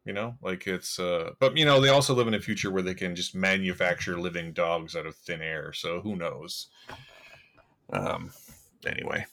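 Male co-host, lower voice, loose and meandering film chatter. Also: lively intonation, normal speed, a bit bright. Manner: rambling, filler-heavy, amused. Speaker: podcast co-host. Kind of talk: casual movie review chat.

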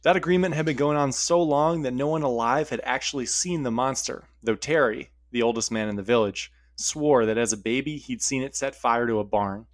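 A man's voice: medium pitch, brisk, few pauses, no echo, studio quality. A man narrating a story in a casual way, with wry asides.

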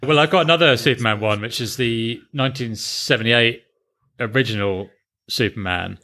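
Bright-toned sarcastic man, casual chat. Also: medium pitch, normal speed. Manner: blunt, swears freely, sarcastic. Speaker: podcast co-host.

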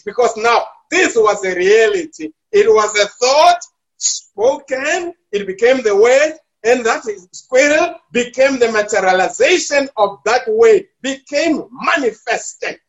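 Man, preacher, sermon, high voice, fervent, drawn-out emphasis, dull lo-fi recording. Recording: dull lo-fi sound.

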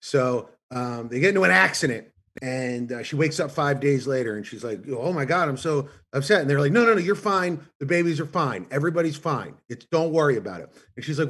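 Man, podcast guest, animated joke telling, slightly high voice, husky. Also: normal speed. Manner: animated, laughs at his own jokes.

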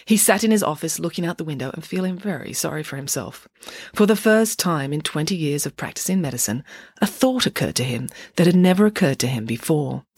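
A woman reads a children's book aloud, expressive and lively. Her voice sits fairly low, with a husky edge and plenty of rise and fall. The recording is dry and close. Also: brisk, no echo. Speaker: storyteller.

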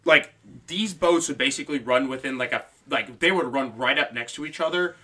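A man co-hosting a casual history chat, profane and quick to laugh and jump into bits. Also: medium pitch, pushed and bright. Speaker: podcast co-host.

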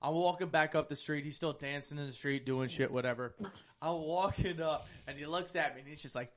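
High-voiced guy telling a crazy story on a podcast, swears a lot, acts out everybody. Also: a little fast, a crowd in the background. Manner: animated, profane, acts out other people's lines. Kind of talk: casual storytelling chat.

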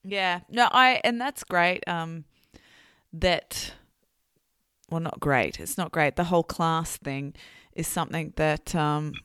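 A woman hosts a podcast in a deep, smooth voice. She speaks frankly and thinks aloud with small fillers. The sound is dry and close. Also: slow pace, fairly bright tone, no echo. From Australia. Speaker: podcast host. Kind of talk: podcast conversation.

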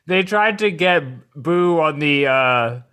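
A man's voice: a little high, animated, slow, pushed and bright, clean tone. A man chatting casually as a podcast co-host, throwing in joking asides and laughing. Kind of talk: casual chat.

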